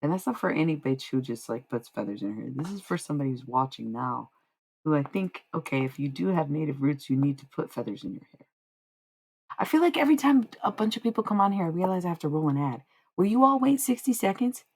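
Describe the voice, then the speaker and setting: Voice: medium pitch, big pitch swings, quick pace, vocal fry, a little mellow, breathy edge. A tarot streamer talking casually on a live stream, profane, confrontational and rambling.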